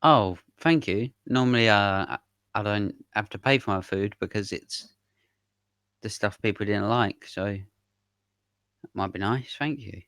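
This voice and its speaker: A man's voice: fairly low pitch, measured pace, long pauses, fairly bright tone, clear, resonant tone, no room sound, studio quality. A man voicing a humble male goblin who talks meekly and hesitantly. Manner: meek, grateful, hesitant. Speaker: player.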